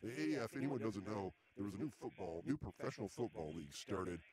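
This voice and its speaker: A man with a fairly low voice hosting a loose comedy podcast live. He chats casually and drily, with a quick exasperated edge when teased. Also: expressive, darkish tone. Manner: dry, exasperated. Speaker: podcast host. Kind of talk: casual comic chat.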